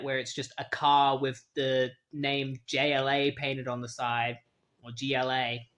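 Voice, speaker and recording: A man recapping a comic book story in a relaxed, chatty manner, peppering his lines with "like". His voice sits a little higher than most men's. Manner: loose, chatty, frequent "like". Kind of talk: casual comic retelling.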